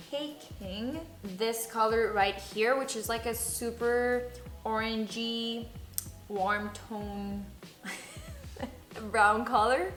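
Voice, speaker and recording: Bright and forceful, her slightly high voice carries a Spanish accent from her native Spanish. She's a beauty vlogger swearing freely and giggling casually through a makeup tutorial, recorded with roomy echo and faint music.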